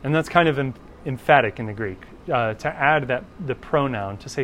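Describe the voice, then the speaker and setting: A man's voice: medium pitch, normal speed, a bit bright, slight background noise. A conversational male Bible teacher. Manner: conversational, checks in with "right?" often. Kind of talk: informal class lecture.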